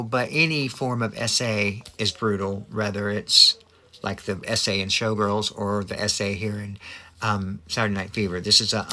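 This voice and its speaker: A man's voice: fairly low pitch, pushed and bright. A middle-aged man hosting a casual film talk, chatty and gushing, with many ums and restarts. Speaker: host.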